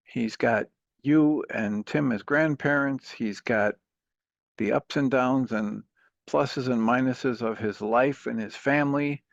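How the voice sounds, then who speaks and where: A man talks a caller through a problem with patient, earnest care. His voice sits at a middle pitch. The sound is close and dry, a bit dull like broadcast audio. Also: takes it slowly, gravelly, no echo. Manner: earnest, patient, steady counseling. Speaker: radio talk show host, coach. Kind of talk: calm advice on a call-in show.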